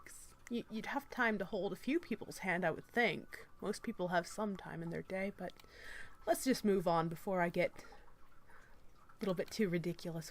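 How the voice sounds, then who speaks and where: A woman's voice: lowish voice, normal speed. A woman reading an article aloud and commenting on it in a sarcastic, mock-innocent manner.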